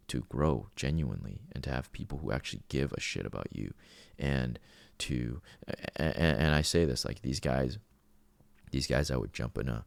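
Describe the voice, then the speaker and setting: Very deep, gravelly-voiced man. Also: dry recording. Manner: earnest, with frequent restarts. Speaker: podcast host. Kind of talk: casual spoken monologue.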